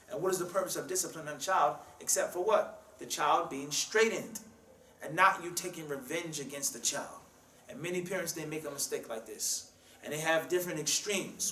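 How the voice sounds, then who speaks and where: A man's voice: high voice, fairly quick, a bit bright. A man preaching a sermon in a mosque, emphatic and full of rhetorical questions, with Arabic quotes. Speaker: imam giving a talk. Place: mosque hall. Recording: roomy hall sound from a distance.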